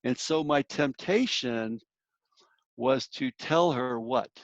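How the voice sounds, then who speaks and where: Male workshop speaker, earnest storyteller, mid-pitched, dry muffled recording. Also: slow, no echo. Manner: earnest, storytelling, addresses listeners directly. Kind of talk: church workshop talk.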